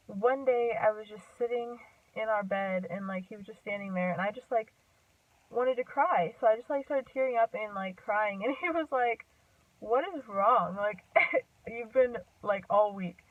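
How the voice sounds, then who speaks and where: A woman's voice: medium pitch, moderate pace, dry recording. A young woman telling a personal story to her camera in a rambling, chatty way, full of "like" and "um" and frequent laughs. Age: young adult. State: a bit out of breath. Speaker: vlogger. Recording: distant tinny phone-like sound.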